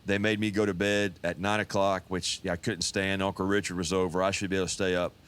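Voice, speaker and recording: Man, 50s, pastor, deep voice, folksy testimony storyteller. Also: level tone, quick pace, a bit bright, slight background noise. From Texas.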